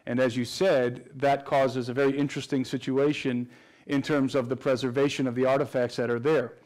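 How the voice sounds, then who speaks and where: A man's voice: medium pitch, level tone, a little fast, a little mellow. A man answering interview questions at length in an earnest, explanatory way, often restarting his phrases. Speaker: guest researcher.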